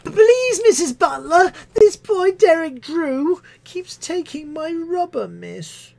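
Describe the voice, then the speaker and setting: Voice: extremely high pitch, sing-song, creaky, a little mellow, pitched above the performer's own voice, full character voice. A whiny pleading schoolchild. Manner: whiny, pleading, drawn-out tattling. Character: young schoolchild pestering a teacher.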